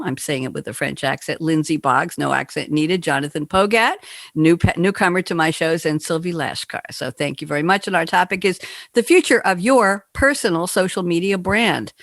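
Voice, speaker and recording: A woman hosting a panel talk show, lively and chatty as she introduces guests. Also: fairly low pitch, no room sound, studio quality. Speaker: host.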